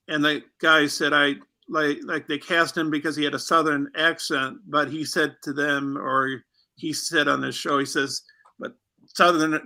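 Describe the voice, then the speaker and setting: A man's voice: a little high, vocal fry, bright, forceful tone. A man from the United States chatting on a livestream, rambling and hesitant, with many restarts. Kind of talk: casual livestream chat.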